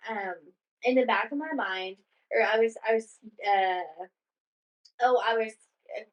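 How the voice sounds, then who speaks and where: A woman co-hosts a casual chat podcast and tells a rambling story, full of "like" and acted-out quotes. Her voice sits fairly high. The recording sounds dull and muffled. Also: unhurried. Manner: rambling storyteller, heavy use of "like", acts out quoted lines. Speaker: podcast co-host.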